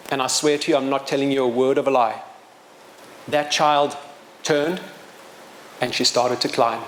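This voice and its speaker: A middle-aged man with a somewhat high speaking voice tells a story to a live audience. He is animated and pokes fun at himself, and his loudness swings widely. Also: a little fast. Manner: animated, self-mocking humor, wide swings in loudness.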